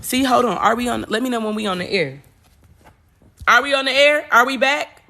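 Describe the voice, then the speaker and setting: A woman podcast host, talking about spiritual energy in an animated way, repeating words and acting out voices. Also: fairly high pitch, moderate pace. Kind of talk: spiritual talk monologue.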